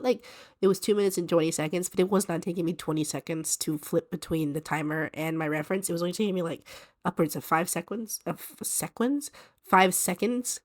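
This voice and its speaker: A woman with a stuffy voice from allergies, chatting casually and self-deprecatingly in an art vlog as she draws. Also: fairly low pitch. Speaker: art vlogger. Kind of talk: casual chat while drawing.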